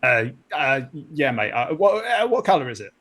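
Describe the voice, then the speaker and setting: A man's voice: mid-range voice, very animated, moderate pace, fairly bright tone. Shifty, defensive crewman in a shaky mock-Cockney voice, put on by a man. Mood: evasive. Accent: put-on Cockney drifting toward Australian. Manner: says "mate" constantly, dodgy and defensive. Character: shifty male starship crewman, evasive.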